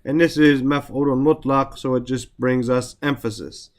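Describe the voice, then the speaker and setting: A man teaching the meanings of Quranic verses, reciting the Arabic quickly, then explaining each word slowly with repetitions. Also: medium pitch, fairly even intonation. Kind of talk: Quran vocabulary lesson.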